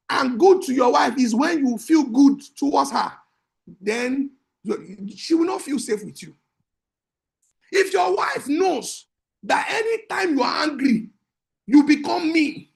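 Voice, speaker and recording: A man, a marriage coach teaching in an emphatic, repetitive preaching style that breaks into shouts. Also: very high voice, vocal fry.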